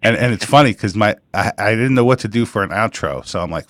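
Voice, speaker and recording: A man in his forties hosting a radio comedy interview show, talking casually in a flat, monotone way. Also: fairly low pitch, fast, hardly any pauses, dry recording. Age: 40s.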